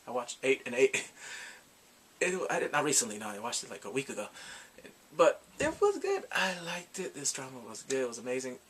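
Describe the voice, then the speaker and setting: A man's voice: mid-range voice, a bit bright, a little hiss or hum. A grown man chatting casually as a YouTube reviewer, rambling and fanboyish about a show he loved. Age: adult.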